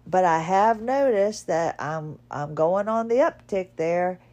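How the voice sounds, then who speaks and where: A woman's voice: fairly low pitch, expressive, slow, darkish tone, dull audio. A woman hosting a podcast, telling a personal story in a chatty, self-deprecating way and laughing at herself. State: wearing a neck collar, recovering from illness. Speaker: podcast host.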